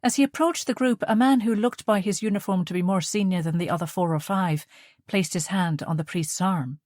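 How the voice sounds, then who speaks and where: Audiobook narrator: a woman with a lower voice, steady measured reading, dry close sound. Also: no room sound.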